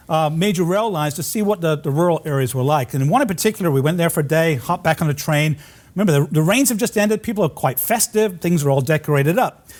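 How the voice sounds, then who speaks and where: A man lecturing as a college geography professor, telling travel stories from slides with lively anecdotes that draw laughter. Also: on the high side. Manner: animated anecdotes with audience laughter. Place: lecture hall.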